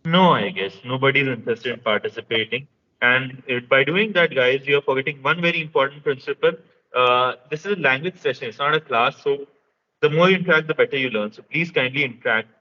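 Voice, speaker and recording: A man hosts an online session, coaxing listeners in a chummy way. His voice is mid-pitched. The call audio is muffled. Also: brisk. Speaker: session host. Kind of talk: casual online session hosting.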